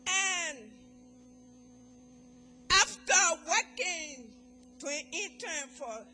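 A middle-aged woman from Africa with an African accent, giving an emotional church testimony that swings from quiet talk to shouted praise. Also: high voice.

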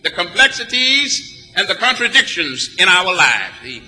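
A preacher from Texas delivering a sermon in a church, speaking in a rhythmic, emphatic style with many repeated phrases. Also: male voice, high-pitched, big pitch swings, measured pace, sharp tone. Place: church sanctuary. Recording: long reverb of a large church. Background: congregation answering back.

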